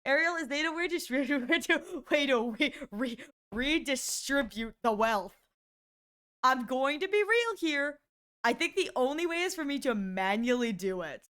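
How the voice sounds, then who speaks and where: A woman live-streaming, chatting casually to her viewers with excitable exclamations and frequent giggles. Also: sits high, measured pace.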